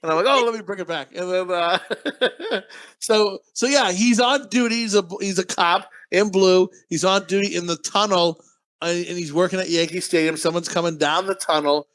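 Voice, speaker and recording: A man co-hosting a casual podcast chat, talking fast, skipping words and acting out characters' lines as he retells a story. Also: high voice, steady tone, a bit bright. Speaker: podcast co-host.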